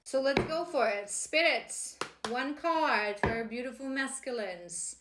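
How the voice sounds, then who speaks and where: A woman with a fairly high voice gives an earnest, encouraging spiritual card reading. She often stumbles and restarts her phrases as she talks. The room around her sounds echoey. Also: slow, background noise. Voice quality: emotional, laughing warmly at times. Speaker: tarot card reader.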